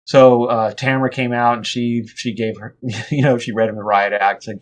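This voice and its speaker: A man as an interview guest, telling a story in a relaxed, rambling way with frequent restarts and fillers. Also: medium pitch, brisk, few pauses. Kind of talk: conversational storytelling.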